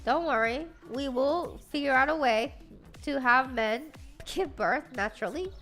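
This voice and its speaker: A woman streamer chatting excitedly with her live chat. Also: high-pitched, unhurried, soft background music.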